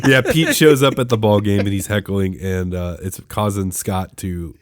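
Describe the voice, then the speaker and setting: A man co-hosting a podcast, recapping a film plot in a laid-back way, with frequent pauses. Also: on the low side, no echo, studio quality. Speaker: podcast co-host. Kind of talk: casual movie-recap chat.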